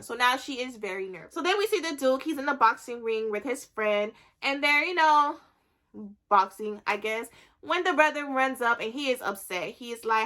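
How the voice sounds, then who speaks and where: Woman, slightly high, bright and forceful, chatty recap host acting out quotes. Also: moderate pace. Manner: chatty, animated storytelling with acted-out quotes. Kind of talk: casual TV recap.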